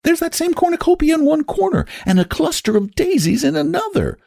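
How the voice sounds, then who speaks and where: A man playing a sharp, scornful woman. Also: very high voice, big pitch swings, fairly quick, vocal fry, dry recording, clean studio sound, voice pushed up, exaggerated voice. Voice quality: sharp, peremptory.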